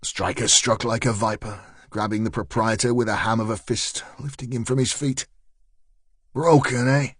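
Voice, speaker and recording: A man reading an audiobook in a steady, measured storytelling manner on a close studio mic. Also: lowish voice, breathy edge, no echo. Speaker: audiobook narrator. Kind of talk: scripted narration.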